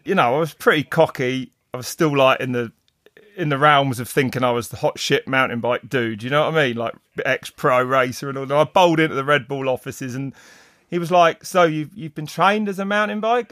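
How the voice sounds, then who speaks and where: Chatty man, rambling and full of restarts, slightly high voice, dry close sound. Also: dry recording. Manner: rambling, animated, swears, many restarts and fillers. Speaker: mountain bike race commentator. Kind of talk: casual podcast storytelling.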